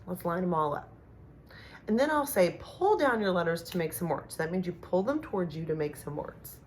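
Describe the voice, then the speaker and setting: A middle-aged woman teaching a remote phonics lesson to young children, speaking slowly and clearly with encouraging sound-outs. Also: on the low side, slight background noise. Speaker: kindergarten teacher.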